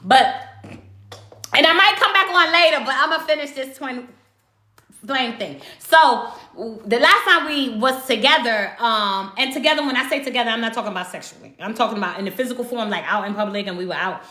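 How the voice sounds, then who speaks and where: A spiritual livestreamer with a bright, lively, somewhat high-pitched voice tells a personal story during a casual chat. She's emphatic and animated, swearing freely at a brisk pace. Her room is echoey.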